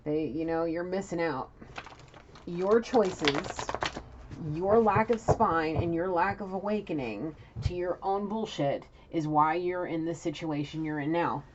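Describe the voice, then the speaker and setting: Blunt New woman reader, low and husky-toned, dull lo-fi sound with faint hiss. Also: a little slow. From New York City. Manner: blunt, scolding and frank, with frequent restarts. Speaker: intuitive reader. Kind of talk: spoken intuitive reading to an absent person. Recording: dull lo-fi audio with faint noise.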